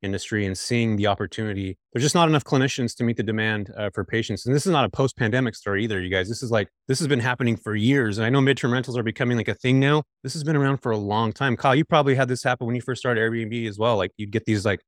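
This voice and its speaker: A man's voice: mid-range voice, rapid-fire, few pauses, dry recording, studio quality. A middle-aged man from California, a guest on a podcast interview, talking casually and energetically straight to the listeners. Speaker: podcast guest, midterm rental investor.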